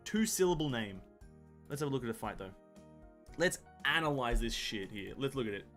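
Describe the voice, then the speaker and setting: This streamer talks a little fast with lively intonation, his mid-range voice fairly bright over faint background music. Playing a video game live, he rambles casually, cursing freely, poking fun at himself, and fumbling words as he reads game text.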